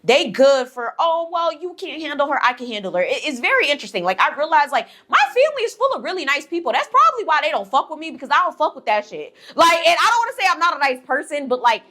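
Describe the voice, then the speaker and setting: A woman's voice: high voice, quick pace, few pauses. Blunt, profane young woman vlogger. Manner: blunt, profane and sassy, with animated asides. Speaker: vlogger telling a story. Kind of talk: casual storytime chat.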